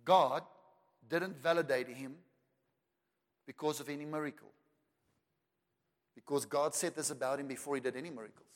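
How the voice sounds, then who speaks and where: A South African man preaching a sermon with emphasis, repeating words for effect and building to loud declarations. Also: fairly high pitch, fairly even intonation, normal speed, pauses often. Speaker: pastor. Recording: long reverb of a large hall.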